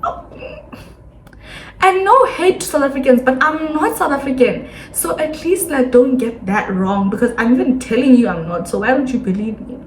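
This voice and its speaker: A woman in her twenties from Botswana with a Botswana accent, chatting casually to camera in a sit-down vlog, animated and acting out the people she quotes. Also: high-pitched, moderate pace, slight background noise. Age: 20s. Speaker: vlogger. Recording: echoey room, faint ambience.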